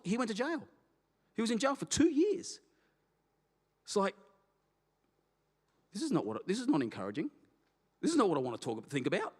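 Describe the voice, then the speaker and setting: A man with an Australian accent preaching a sermon as a pastor, telling a candid personal story and acting out his own prayers. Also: high voice. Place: church auditorium. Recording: long reverb of a church hall.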